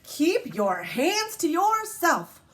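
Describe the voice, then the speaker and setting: A woman voicing a stern schoolteacher who scolds a misbehaving boy with loud, clipped commands. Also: very high voice, huge pitch swings, very slow, slight background noise, voice pushed up, full character voice. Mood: scolding.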